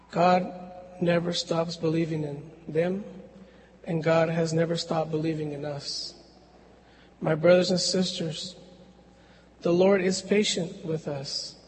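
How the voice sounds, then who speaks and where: A man preaching a sermon in a slow, measured way with long pauses, in a church. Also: sits high, a little mellow, long reverb tail, slight background noise, rough recording.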